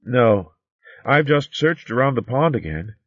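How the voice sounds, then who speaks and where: A man voicing a kind, anxious young hedgehog maid in a storybook, earnest and gently fretful. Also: mid-range voice, very animated, unhurried, no room sound, highs cut off, voice pushed up.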